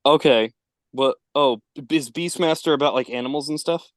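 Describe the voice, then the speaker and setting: Young male podcast guest, easygoing, quick to laugh, dry close sound. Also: medium pitch, dry recording. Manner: laughs often, self-deprecating. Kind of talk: casual chat. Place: parents' house.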